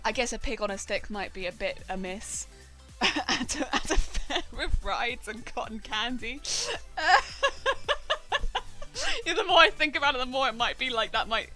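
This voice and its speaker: A young woman chats casually on a live crafting stream, rambling from one thought to the next with frequent laughs. Her voice is bright and forward and sits a little high. Soft music plays faintly underneath. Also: normal speed. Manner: excitable and rambling, laughs often. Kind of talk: casual chat while crafting. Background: faint background music.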